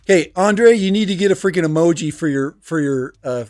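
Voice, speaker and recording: A man's voice: on the high side, fairly quick, a little mellow, no echo. A man hosting a casual livestream from home, rambling and laughing as he reads the chat into a desk microphone. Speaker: livestream host and teacher. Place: home room. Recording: dry close sound with music behind.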